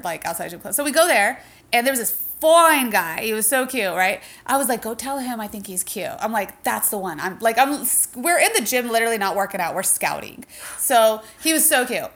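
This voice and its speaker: A woman guest on a podcast telling a story in a lively, chatty way. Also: fairly high pitch, fairly quick. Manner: animated, chatty, acts out quotes. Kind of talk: casual storytelling chat.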